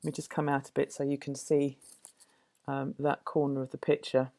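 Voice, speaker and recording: A woman's voice: a bass voice, level tone, normal speed, dark tone. Thoughtful woman painting. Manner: thoughtful, musing, full of fillers and self-corrections. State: slightly out of breath at times. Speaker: art teacher. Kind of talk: casual painting demonstration.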